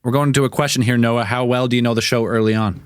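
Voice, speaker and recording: A man's voice: medium pitch, fairly even intonation, fast, smooth, dry recording, studio quality. A Canadian man hosting a podcast, joking around and opening the phone lines for trivia callers. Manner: joking, laughing, runs the call-in lines. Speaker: podcast host taking calls. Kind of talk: casual chat.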